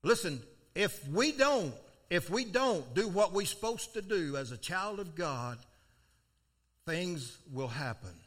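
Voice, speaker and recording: An older man preaching, telling a folksy story from his own life, with sudden loud outbursts. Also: high voice, very animated, takes it slowly. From South Florida. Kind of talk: storytelling sermon.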